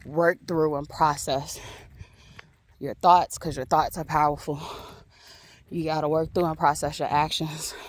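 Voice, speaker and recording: A woman talking reflectively in a casual spiritual vlog outdoors on her phone, a bit out of breath after a walk and laughing often. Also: deep voice. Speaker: vlogger.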